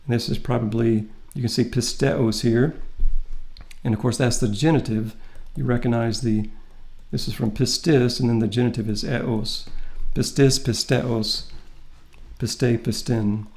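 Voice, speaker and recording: A man's voice: medium pitch, steady tone, creaky, a little mellow. A man teaching a recorded Greek lesson, working through the grammar step by step in a methodical, patient way. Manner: methodical, explains step by step with pauses. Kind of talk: recorded lecture walking through a text.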